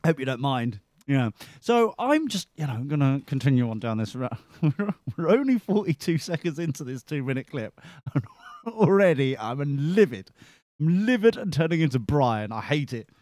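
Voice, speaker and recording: A man riffs sarcastically over a news clip as a podcast host, mocking every line he hears. His voice swoops up and down with animated pitch, sitting a little high for a man. The recording is dry and close. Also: normal speed, no room sound.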